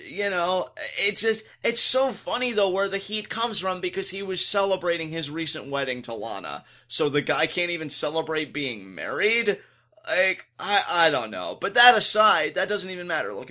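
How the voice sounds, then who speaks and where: A man co-hosting a podcast, talking through a wrestling show in casual, animated chat. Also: a little high. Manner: animated, acts out quotes in exaggerated voices. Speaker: podcast co-host.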